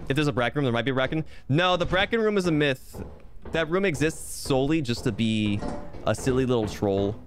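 Goofy male streamer for gameplay commentary, lively swooping pitch, piano music behind. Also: fairly quick. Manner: playful, rambling, self-mocking jokes. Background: piano game music.

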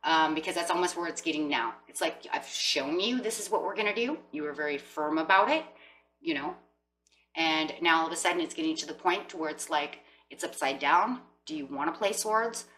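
A woman's voice: low voice, fairly quick, fairly bright tone, recorded from a distance, a little hiss or hum, rough recording. A woman giving a chatty tarot reading, acting out what people might say. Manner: chatty, acts out quoted voices with emphasis. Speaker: tarot reader.

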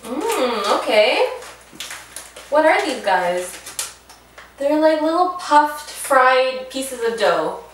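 A young woman co-hosting a casual snack unboxing, bubbly and excitable, reading package labels aloud. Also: high-pitched, slow, long pauses, slight background noise. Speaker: vlog co-host. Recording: echoey room, mic at a distance.

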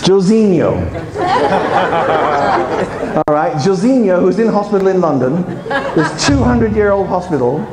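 A man giving a lively conference talk to teachers, playful and animated, quizzing the audience as he goes. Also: high-pitched, measured pace, pauses often, a loud crowd. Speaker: conference speaker, English teacher trainer. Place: large conference hall. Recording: echoey conference hall.

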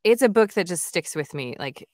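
Low-voiced chatty woman narrator. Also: animated, moderate pace, a little mellow, dry recording, studio quality. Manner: chatty and enthusiastic, many "like" and "you know" fillers. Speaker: audiobook narrator and author, guest. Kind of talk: casual interview chat.

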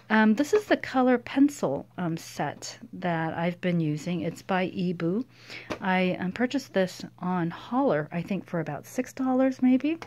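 Chatty woman crafter, slightly low voice. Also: darkish tone. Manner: chatty, filler-heavy, self-deprecating. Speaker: craft video host. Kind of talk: casual crafting show-and-tell.

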